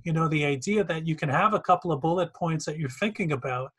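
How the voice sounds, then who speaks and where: A man's voice: fairly high pitch, fast talker, a bit bright, breathy edge. A man hosting as a journalism instructor, affirming his guest and summarizing the points in long run-on turns over a video call. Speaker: instructor and host. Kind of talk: interview host.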